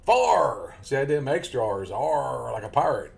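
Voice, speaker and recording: A man's voice: mid-range voice, expressive, fast talker. Folksy man, casual streamer talk. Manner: folksy, rambling, chuckles often. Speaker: gaming live streamer. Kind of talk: casual chat over gameplay.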